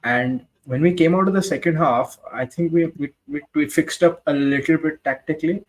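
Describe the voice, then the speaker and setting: A man's voice: on the high side, moderate pace, poor audio. Blunt, sweary football pundit man. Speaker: football podcast co-host. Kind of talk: casual match-reaction chat.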